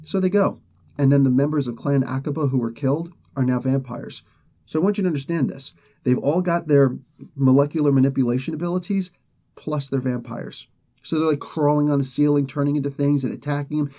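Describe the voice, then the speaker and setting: A man casually retelling a comic story in a loose, rambling way, slipping into quick acted lines for the characters. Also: medium pitch, dark tone. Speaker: comic book reviewer.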